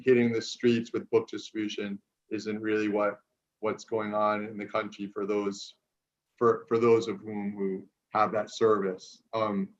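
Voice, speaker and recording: A man hosting an online gathering, talking casually with many fillers and restarts. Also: lowish voice. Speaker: program host. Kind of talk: casual Zoom introductions. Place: New York City. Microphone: video call. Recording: dull lo-fi video call audio.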